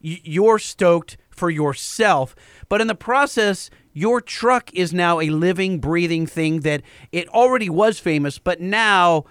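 A man with a slightly raised pitch co-hosts a casual podcast. He asks curious technical questions and jokes about himself. The recording is dry and close. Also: measured pace, a bit bright, smooth, no room sound. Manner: playful, self-mocking questioner. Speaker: podcast co-host.

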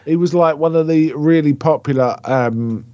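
A man's voice: a little high, normal speed, a little mellow, dry recording. A man co-hosting a casual film discussion. He chats freely, sharing opinions and trivia, with plenty of ums and uhs. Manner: chatty, offers opinions and trivia, many fillers. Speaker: podcast co-host. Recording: slightly dull, muffled sound.

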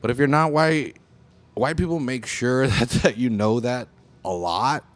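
A man's voice: medium pitch, a little slow, no echo. A young American man in a casual, profane monologue, talking with heavy emphasis. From United States. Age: young adult.

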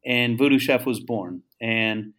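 A man's voice: mid-range voice, measured pace, fairly bright tone. A man in a casual interview, a brand founder telling a long story and acting out the dialogue, loose with repeats and restarts. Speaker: guest, founder of a seasoning brand.

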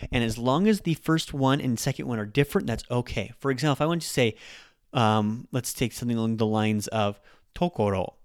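A man hosting a podcast language lesson, patiently explaining and modeling Japanese words with exaggerated rises and falls in pitch. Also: dry recording, studio quality. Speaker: podcast host and Japanese teacher.

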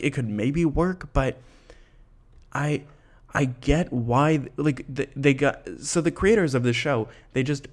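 A man hosting a podcast, chatting casually and laughing as he retells a story with animated asides. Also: medium pitch. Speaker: podcast host.

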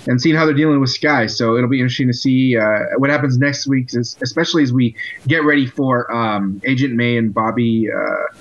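A man hosting a casual chat podcast, halting and filled with pauses as he talks. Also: mid-range voice, fairly even intonation, dull audio. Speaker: podcast host. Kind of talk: casual chat about TV episodes.

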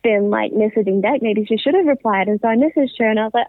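A young woman talks in a loose, chatty way, laughing now and then and slipping into what others said. Her voice comes through a thin, phone-like line with a dry sound. Her pitch sits in the middle for a woman. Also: fast talker, few pauses, no room sound. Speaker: interview guest. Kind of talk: casual storytelling interview. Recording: tinny phone-line audio.

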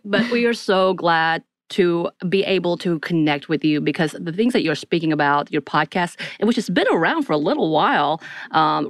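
A woman's voice: sits low, no echo, studio quality. A woman co-hosting a podcast, chatting eagerly and laughing at herself as she welcomes a guest. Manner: eager, chatty, self-deprecating. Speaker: podcast co-host. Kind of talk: casual interview chat.

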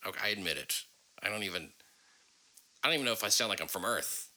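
Deep, bright-voiced rambling podcast host man. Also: lively intonation, fast, rough recording. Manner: rambling, profane, self-deprecating. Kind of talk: casual podcast chat.

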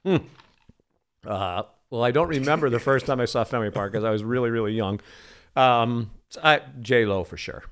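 A man's voice: medium pitch, moderate pace. A middle-aged man from the Boston area, a sportscaster guest, telling rambling anecdotes full of ums in a casual interview.

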